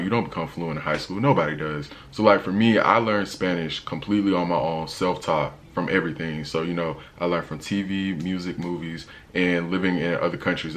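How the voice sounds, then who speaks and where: A man's voice: low voice, a bit bright. An American man, a young adult, talking casually to camera in a travel vlog, slangy and emphatic. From United States. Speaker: travel vlogger.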